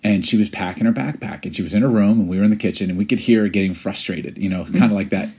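A man's voice: on the low side, fast, warm tone, slightly rough. A man in his forties co-hosting a podcast, telling stories in an earnest, reflective way. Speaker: podcast co-host. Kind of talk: casual chat.

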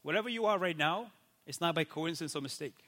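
Pastor, male, high bright tone, lively and conversational, peppers talk with "right?". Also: quick pace. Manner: animated, keeps asking "right?" and acts out quoted people. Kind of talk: casual faith talk.

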